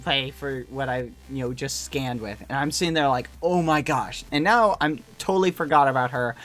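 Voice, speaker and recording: A man casually telling a story to friends, animated and full of "like" and "you know" fillers. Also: mid-range voice, fairly quick.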